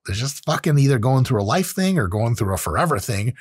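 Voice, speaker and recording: A man's voice: medium pitch, lively intonation, normal speed, husky, no echo, clean studio sound. A man in his late thirties hosting his own show, talking in a blunt, profane, casual solo monologue. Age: late 30s. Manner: blunt and profane, with acted-out quotes. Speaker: host.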